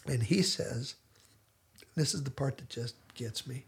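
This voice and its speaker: A man's voice: mid-range voice, measured pace, vocal fry. A man hosting a casual discussion podcast, retelling scenes in detailed storytelling fashion. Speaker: podcast host.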